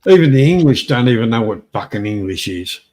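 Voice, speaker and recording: An Australian man hosting a casual live-stream chat, halting and stammering through his points, with casual swearing. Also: mid-range voice, very animated, a little mellow. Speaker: stream host.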